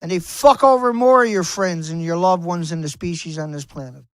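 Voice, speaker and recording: A man's voice: high voice, fairly quick, clean tone, dry recording. A man delivering an angry, profane rant to camera as an activist vlogger, repeating phrases for emphasis, outdoors on a beach. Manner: angry, swearing, repetitive and emphatic.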